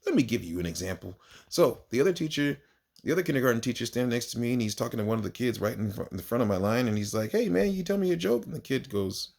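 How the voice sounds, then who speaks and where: A man who teaches kindergarten, telling classroom stories in a casual, animated monologue. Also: medium pitch, fast talker. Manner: animated storyteller, swinging up for acted exclamations.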